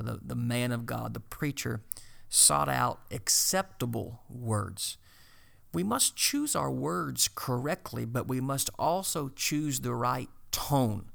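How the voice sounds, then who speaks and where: A man preaching to fellow preachers, earnest and exhorting, often pausing on filler sounds. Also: medium pitch, creaky, a bit bright.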